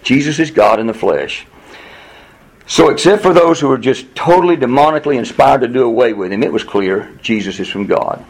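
A man at mid pitch leads a Bible class. He reads a verse, then talks it through with the group in an easy, conversational manner. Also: lively intonation, a little fast, low-quality recording. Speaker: pastor teaching a Bible study. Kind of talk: expository Bible teaching.

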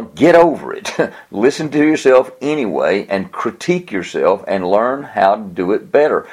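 A man's voice: on the low side, darkish tone. A man giving an earnest, plain-spoken teaching talk on how to preach, with a chuckle now and then. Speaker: preaching instructor.

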